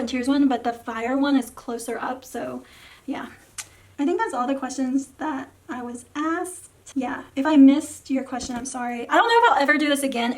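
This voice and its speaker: Young woman vlogging w a sore scratchy throat, high voice, rambly with lots of ums, trails off quiet. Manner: rambling, many fillers and soft trailing words. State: sore throat, losing her voice. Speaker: photocard collecting vlogger. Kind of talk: casual rambling vlog talk.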